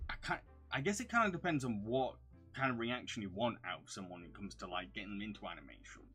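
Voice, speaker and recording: A man with a fairly low voice speaks in an unusual blend of London and Yorkshire accents. He answers questions from his livestream chat in a casual way, with crisp, over-enunciated words. Faint music plays quietly under his voice. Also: animated, quick pace. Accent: mixed London and Yorkshire English. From England. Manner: reads viewer questions aloud, hums to himself while scrolling.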